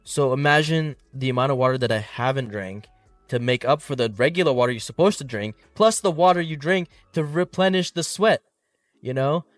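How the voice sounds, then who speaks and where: A young man co-hosts a casual podcast, telling stories in a laid-back way and swearing now and then. His medium-pitched voice is brisk, picked up by a slightly distant mic in a dry room with no room sound and faint music behind.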